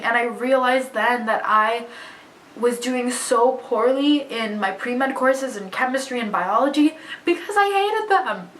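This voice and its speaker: Young woman vlogger, bright, candid storyteller, slightly distant mic in a roomy space. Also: on the high side, unhurried, a little hiss or hum. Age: young adult. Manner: chatty, candid, expressive. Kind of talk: casual storytelling to camera. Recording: echoey room, voice a bit far from mic.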